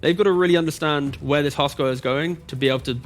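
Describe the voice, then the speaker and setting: A man's voice: fairly high pitch, fast. A man on an esports analyst desk giving a methodical breakdown of lane matchups.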